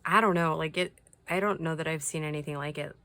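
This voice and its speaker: A woman whose voice sits low speaks a little fast in a steady tone, with no room sound. Showing off crafty mail her subscribers sent, she gushes softly over each piece and sometimes whispers, keeping it a casual chat.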